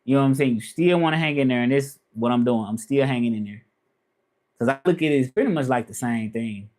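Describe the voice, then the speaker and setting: A man chatting casually on a live stream, relaxed and rambling, often asking "you know what I'm saying". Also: medium pitch, fast.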